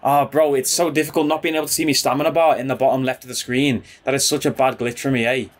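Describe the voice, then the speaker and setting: A man commentating his own football video game, excitable and chatty, calling his viewers bro and boys. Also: mid-range voice, fast talker. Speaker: gaming YouTuber. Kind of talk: casual gameplay commentary.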